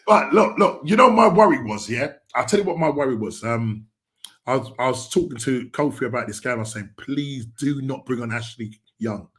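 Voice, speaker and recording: A man's voice: medium pitch, a little fast. Chatty man hosting a football podcast. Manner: rambling, excitable, lots of fillers and restarts. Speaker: podcast host. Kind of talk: casual football chat.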